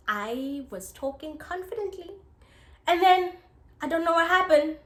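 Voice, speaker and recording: A young South African woman telling a casual story, chatty and expressive, full of "like" fillers. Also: very high voice, measured pace. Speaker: YouTuber. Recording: echoey room.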